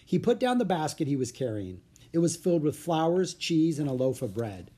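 A narrator reading a children's storybook aloud in an expressive way. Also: medium pitch, a little fast, breathy edge.

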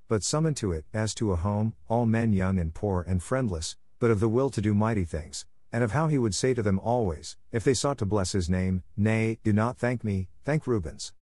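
A man narrates a classic novel in a measured, gentle reading. His voice sits low. The recording is dry and close, with no room sound. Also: no room sound. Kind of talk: scripted storybook narration.

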